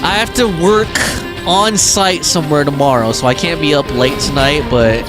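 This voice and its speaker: A man's voice: on the high side, normal speed, loud music behind the voice. A young man chatting casually on a game live stream, reading out chat messages and joking with viewers. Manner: chatty, reads chat aloud and jokes around.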